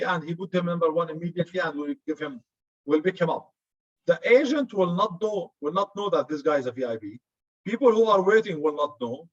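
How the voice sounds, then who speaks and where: A man's voice: high-pitched, muffled recording. Joking Arabic-accented male lecturer. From Arab region. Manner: chatty, joking, says "good" often. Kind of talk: classroom lecture.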